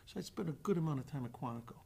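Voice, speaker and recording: A man with a husky, slightly breathy voice, pitched a bit high, tells an animated story as an interview guest. He acts out the other people's lines and often stops and restarts mid-sentence. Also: rapid-fire. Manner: acts out quoted dialogue with restarts. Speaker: actor guest.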